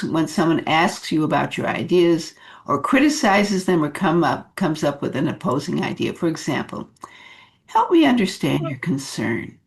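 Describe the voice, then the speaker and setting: A woman leadership coach giving advice in an unhurried talk, with many fillers and restarts. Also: lowish voice.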